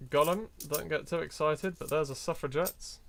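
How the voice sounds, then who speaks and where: A man's voice: a little high, moderate pace, creaky, a bit bright. A man chatting casually on a live stream, reading out items and laughing often. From Europe. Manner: chatty, laughs often, reads out coin names. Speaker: coin hunting streamer.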